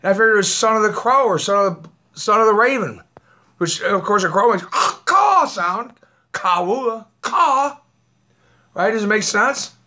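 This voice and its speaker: A man's voice: sits high, lively intonation, normal speed, bright, forceful tone. A man vlogging in a rambling, combative way, laughing often and talking while eating. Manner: aggrieved, combative. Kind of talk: rambling live video chat.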